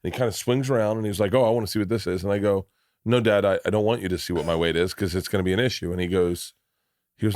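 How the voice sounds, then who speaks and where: A man's voice: on the low side, rapid-fire, a little mellow, dry recording, studio quality. A middle-aged man hosting a podcast, telling stories in a rambling, restart-filled way with plenty of swearing. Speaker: podcast host. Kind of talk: casual chat.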